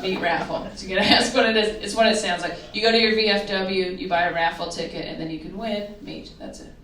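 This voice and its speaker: A woman's voice: medium pitch, slight background noise. Wry woman doing stand-up in a club. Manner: wry storytelling with punchlines. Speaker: stand-up comedian. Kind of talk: stand-up set. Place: comedy club stage. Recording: roomy live venue, mic picked up from a distance, loud laughter. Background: audience laughter.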